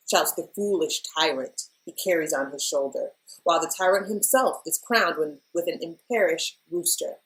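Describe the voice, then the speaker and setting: A woman's voice: sits low, normal speed, low-quality recording. Chatty woman giving a tarot reading. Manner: chatty, emotional, addresses viewers as y'all. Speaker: tarot reader. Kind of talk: casual weekly tarot reading.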